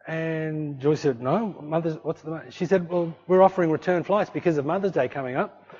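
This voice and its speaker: Telling a story animatedly from the pulpit, this preacher takes on the voices of each figure in it. He speaks at a moderate pace with a higher-leaning voice, heard through muffled, low-fidelity audio.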